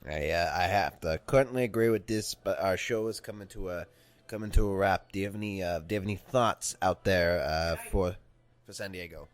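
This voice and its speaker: A man hosting an improvised comedy podcast, hesitant and halting, with many fillers. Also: low voice. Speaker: podcast host.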